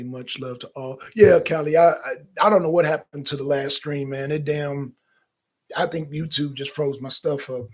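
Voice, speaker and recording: A man hosting a casual livestream, reading chat comments and reacting with restarts, casual swearing, and sudden loud high bursts. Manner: animated, swings loud and high when excited.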